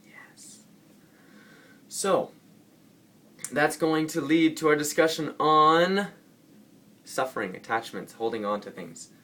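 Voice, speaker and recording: A man with a slightly high, fairly bright voice vlogs casually to camera about spiritual ideas at a moderate pace. He rambles playfully, often correcting himself mid-sentence.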